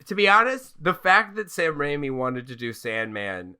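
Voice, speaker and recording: A man's voice: a little high, very animated, normal speed, sharp tone, clear, resonant tone. A man co-hosting a podcast, chatting casually, rambling and swearing often. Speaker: podcast co-host. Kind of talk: casual chat.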